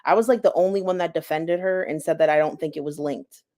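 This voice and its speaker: Low-voiced woman hosting drama commentary. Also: quick pace, a little mellow. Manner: chatty, gossipy asides. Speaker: commentary host. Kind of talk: casual commentary.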